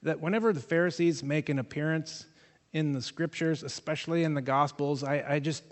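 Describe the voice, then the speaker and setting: Male pastor, fairly high voice for a man, relaxed and conversational with jokey asides, preaching a sermon in a church sanctuary that rings with a long reverb. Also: a little fast.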